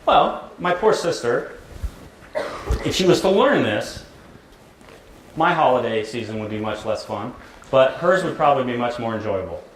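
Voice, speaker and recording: A middle-aged American man, a therapist, giving a conversational, jokey talk to high school students and often asking "right?". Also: lively intonation, normal speed, long pauses, slight background noise. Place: large echoey school hall. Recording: roomy hall with faint ambience.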